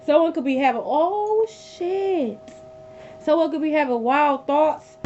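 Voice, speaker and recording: Woman tarot reader on a livestream, higher voice, emphatic and profane, slightly muffled phone audio. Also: moderate pace, dark tone. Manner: blunt, profane, emphatic repetition. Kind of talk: live tarot reading. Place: sitting on a bed at home. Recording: dull lo-fi audio with faint hum.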